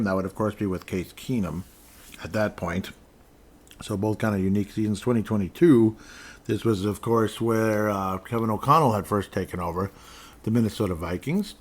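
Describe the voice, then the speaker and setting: A man hosting a podcast in casual solo sports talk, rambling as he reads scores off a screen, with dry sarcastic asides. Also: fairly low pitch. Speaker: podcast host. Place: indoors at a desk in front of a screen.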